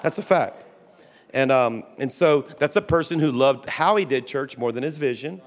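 At a moderate pace and medium pitch, with lively intonation, a pastor spins folksy tales during a conference sermon. He keeps restarting, tossing in asides and laughing, and a long hall reverb surrounds him.

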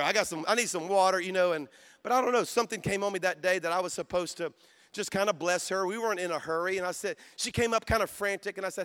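Male pastor, high and bright, shifts between soft storytelling and shouted exhortation. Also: fast talker, clear, resonant tone. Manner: storytelling, dropping to soft voice then rising to shouts. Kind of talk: sermon. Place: conference hall.

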